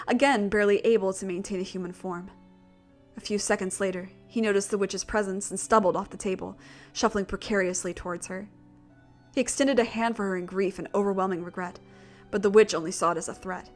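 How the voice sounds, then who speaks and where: A woman narrating a gothic visual novel in a steady, measured reading voice. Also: medium pitch. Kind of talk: story narration.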